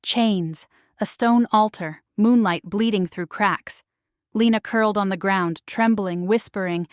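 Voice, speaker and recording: Slow, dry-voiced woman narrator. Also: medium pitch, dry recording. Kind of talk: first-person romance story narration.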